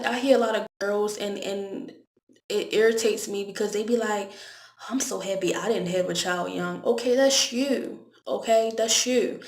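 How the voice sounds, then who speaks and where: A woman's voice: mid-range voice, gravelly. A young woman, telling a candid, conversational storytime vlog and often repeating her words. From Baltimore, US. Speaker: vlogger. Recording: echoey room.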